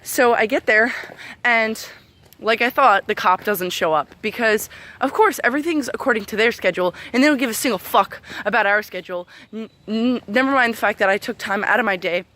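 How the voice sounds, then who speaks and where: Young woman ranting angrily, high voice. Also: a little fast, sharp tone. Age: 20s. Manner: angry, profane, venting. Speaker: vlogger. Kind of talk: casual ranting vlog. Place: walking outdoors among trees and ferns.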